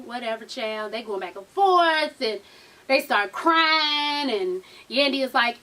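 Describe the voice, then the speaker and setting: A woman with a Black way of speaking, recapping a reality show episode like she is gossiping with a friend. Her voice sits high, and she swears freely, throws in a drawn-out "child" now and then, and switches into raised voices when she quotes people. The mic is set a bit away from her, so she sounds slightly distant. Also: animated, sharp tone.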